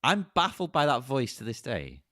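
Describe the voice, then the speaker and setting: A man's voice: mid-range voice, huge pitch swings, normal speed, sharp tone, no room sound, clean studio sound. A man guesting on a podcast, chatting casually in a playful, teasing way.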